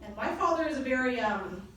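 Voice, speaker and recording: Young woman, high voice, lively anecdotal convention speaker heard from across a reverberant hall. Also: fairly quick. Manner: lively storytelling, laughing often. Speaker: presenter at a company convention. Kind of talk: motivational talk with personal anecdotes. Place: large conference hall. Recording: echoey hall from far off, noisy.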